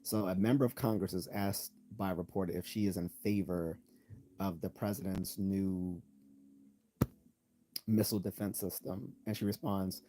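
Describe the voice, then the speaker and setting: A man hosting a live stream, explaining logical fallacies in a loose, halting way with many ums and restarts, sometimes reading out definitions. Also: sits low, steady tone, warm tone. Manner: reads out definitions and examples. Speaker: channel host.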